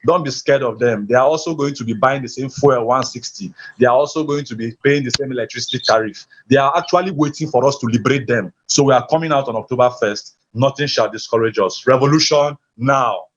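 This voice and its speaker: A man's voice: medium pitch, fast talker, few pauses. A man from Nigeria, giving an impassioned, emphatic rally speech over a video call. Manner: rousing, emphatic, slogan-driven. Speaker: protest speaker. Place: hospital. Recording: muffled online call audio.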